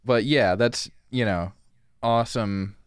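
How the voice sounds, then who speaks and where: A man's voice: mid-range voice, slow pace, clear, resonant tone, dry recording. A man co-hosting a movie podcast, talking in a laid-back, dry way and swearing casually. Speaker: podcast co-host. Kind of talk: casual movie review chat.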